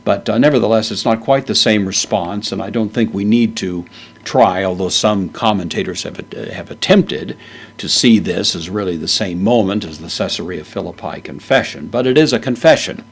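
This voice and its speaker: Deep husky guy doing a slow bible greek lesson, lots of uh pauses. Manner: measured, explanatory, with frequent "uh" pauses. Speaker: Bible teacher.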